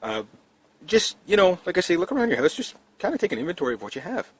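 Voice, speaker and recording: A man's voice: high-pitched, very animated, fast, fairly bright tone, breathy edge. A man vlogging casually to camera about prepping, talking in a rambling, down-to-earth way with lots of fillers and restarts. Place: indoors in a trailer.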